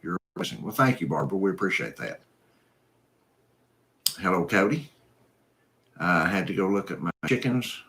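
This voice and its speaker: A man's voice: low-pitched, expressive, moderate pace, long pauses, a bit bright. A man hosting a live stream, reading viewer comments and chatting in an easygoing, folksy, rambling way. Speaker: host.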